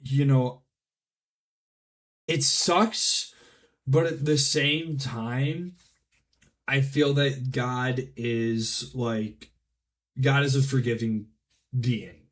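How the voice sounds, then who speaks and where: A man's voice: medium pitch, fairly even intonation, drawn-out words, pauses often. Musing male podcast co-host. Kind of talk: casual chat.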